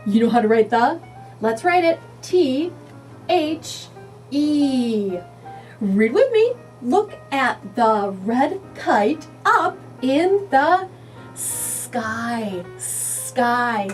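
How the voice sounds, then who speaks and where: High lively lady teacher sounding out letters for kids, a bit far from the mic, faint guitar behind. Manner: slow, sing-song, sounding out letters. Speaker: early reading teacher. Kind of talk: children's phonics lesson.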